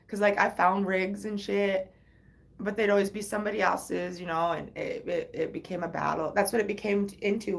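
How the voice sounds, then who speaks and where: A woman's voice: mid-range voice, gravelly. A woman livestreaming, telling a personal story in a rambling, frank way with heavy swearing.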